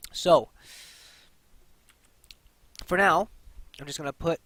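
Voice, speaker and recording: A man's voice: fairly high pitch, slow, fairly bright tone, no echo, low-quality recording. A young man hosting a casual 3D modeling tutorial, chatty, with lots of fillers and repeated key points. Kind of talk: casual screen-recorded tutorial.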